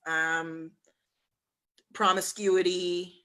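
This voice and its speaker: A woman's voice: on the low side, little pitch movement, very slow, bright, forceful tone. A woman guest on a casual chat, dry and wry in her humor. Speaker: guest artist. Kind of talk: casual video call chat.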